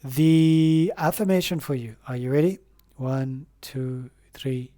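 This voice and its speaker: A man giving a spoken tarot reading, gentle and affirming, rambling with fillers and slow pauses. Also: mid-range voice, fairly even intonation. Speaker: tarot reader.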